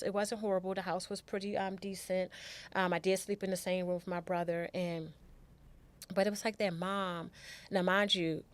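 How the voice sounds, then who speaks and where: A middle-aged woman telling an emotional personal story as a podcast guest, candid and repeating her words as she goes. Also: mid-range voice.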